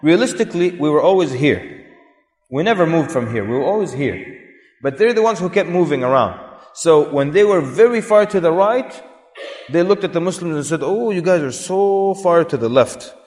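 A man's voice: on the high side, lively intonation, moderate pace, a little mellow. A man giving an Islamic lecture to a live audience, chatty, asking the listeners questions and laughing now and then. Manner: conversational, asks the audience questions, often laughs. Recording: echoey hall recording.

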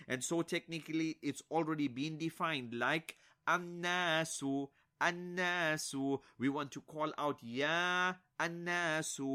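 A man gives an Arabic grammar lesson, saying each example slowly before translating it and dropping in brief praise along the way. His voice sits on the high side with a sharp tone.

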